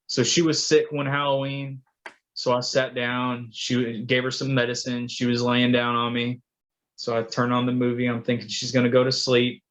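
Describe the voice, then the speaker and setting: A man's voice: medium pitch, monotone, normal speed, a bit bright. A man on a podcast, chatting casually as a father and telling long rambling stories, acting out the quotes. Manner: rambling storyteller, acts out quotes. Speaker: podcast co-host. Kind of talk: casual chat. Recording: dull lo-fi sound.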